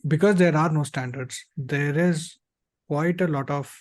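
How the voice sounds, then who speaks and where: A man hosting a podcast in casual chat, speaking in a measured, advising way with some hesitations. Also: a little high.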